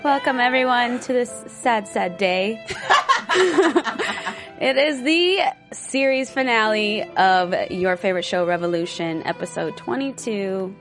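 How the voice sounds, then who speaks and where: A woman's voice: fairly high pitch, measured pace, music in the background. A young woman hosting a casual TV recap chat, giggly and rambling. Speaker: host.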